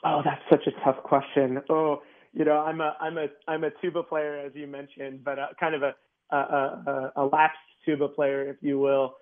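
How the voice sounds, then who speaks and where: A man's voice: a little high, level tone, moderate pace. A man speaking as an orchestra guest in a casual radio interview, chatty, with many fillers and restarts. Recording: tinny phone-like line.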